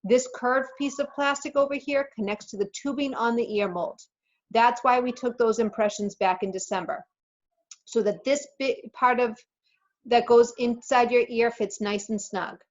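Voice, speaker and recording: A woman's voice: a little high, moderate pace, close to an everyday voice. Teacher lady doing a friendly ear doctor guy, jokey and reassuring, kinda muffled sound. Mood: explaining. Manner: reassuring, playful. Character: cheerful joking male ear doctor. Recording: slightly muffled recording.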